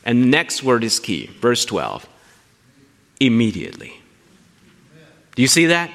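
A man preaching a sermon, animated and asking his listeners questions as he teaches. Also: mid-range voice, unhurried, big-room sound. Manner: animated, asks the congregation questions. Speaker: pastor.

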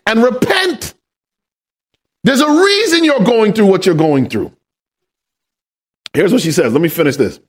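A man pastor preaching a sermon, asking the congregation questions and building up to shouted emphasis. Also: high voice, sing-song, normal speed, pauses often, slightly rough. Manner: call-and-response questions to the congregation.

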